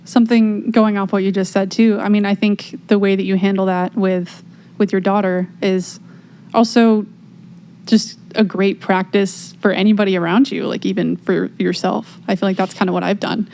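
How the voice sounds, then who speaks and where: A woman's voice: medium pitch, flat delivery, moderate pace, darkish tone. A woman co-hosting a casual spiritual podcast chat, speaking in a thoughtful, agreeable way. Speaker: podcast co-host.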